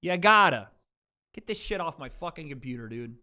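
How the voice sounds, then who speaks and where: Angry streamer guy, high and sharp-edged voice, swearing constantly, snapping at chat. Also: animated, moderate pace. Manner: profane, heated, snapping at chat. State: angry and frustrated. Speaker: streamer reacting to a football game and live chat. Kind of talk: heated livestream rant to chat.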